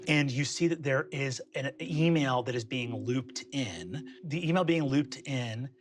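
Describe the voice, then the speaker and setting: A man's voice: medium pitch, unhurried, slight background noise. Vivid game master, man, narrating. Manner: vivid, descriptive storytelling.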